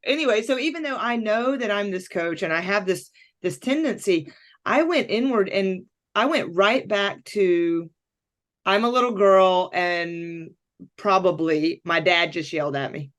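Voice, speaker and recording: A woman's voice: medium pitch, a little slow. A woman coach telling a personal story in candid conversation, acting out her own thoughts as she goes. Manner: animated, acts out her own inner voice. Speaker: podcast guest, coach.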